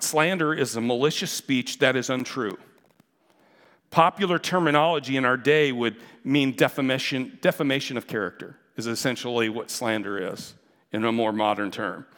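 Male pastor, mid-pitched, chatty and earnest, preaching to a congregation; long reverb from a big church hall. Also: a bit bright. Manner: conversational and earnest, many fillers and asides. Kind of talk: verse-by-verse sermon.

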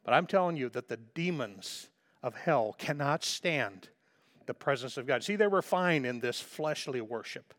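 A man's voice: mid-range voice, expressive, a little slow, a bit bright. A man preaching a sermon as a pastor, fervent and emphatic, repeating phrases for emphasis.

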